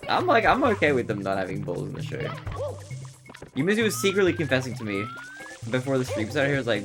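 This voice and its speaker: A young man streaming from his bedroom, chatting to viewers in a lively, swooping voice and breaking into giggles between rambling stories. His pitch sits in the middle, and game music plays clearly behind him. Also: quick pace. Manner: giggly, rambling and animated, often laughing. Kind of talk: casual live-stream chat.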